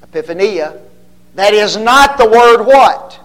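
A man's voice: sits high, animated, slow, a bit bright. A man teaching a Bible study, quizzing his listeners with rhetorical questions and a constant "okay?", and stretching key words for emphasis.

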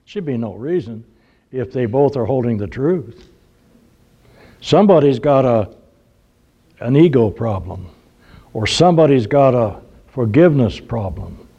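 A man's voice: mid-range voice, animated, a little slow, creaky, pauses often, warm tone, breathy edge, dull audio. An older man preaching a sermon, telling folksy humorous stories and acting out the voices he quotes.

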